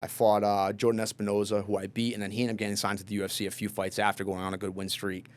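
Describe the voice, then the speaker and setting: A man, a professional fighter, telling stories in a loose, casual podcast interview, swearing freely and filling pauses with fillers. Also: lowish voice. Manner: relaxed, loose and profane, lots of fillers.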